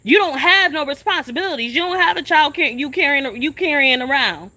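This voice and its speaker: On a phone live stream outside a shelter, a young woman vents profanely and confrontationally, throwing the same questions at someone over and over. Her high voice is expressive, bright and forceful, and she moves fairly quickly.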